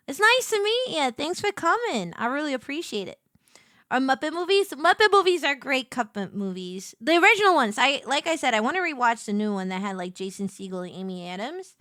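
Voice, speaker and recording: Bubbly high-voiced woman streamer. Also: very animated, a little fast, dry recording, clean studio sound. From Puerto Rican heritage. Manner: bubbly, greets chat viewers warmly, hums along to music. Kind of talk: casual live-stream chat while gaming.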